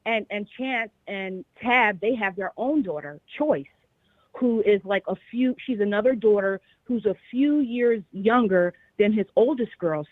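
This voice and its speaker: A woman's voice: mid-range voice, dry recording. A woman from Philadelphia calling in to a show and giving her opinion plainly and directly. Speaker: caller. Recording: dry tinny phone line.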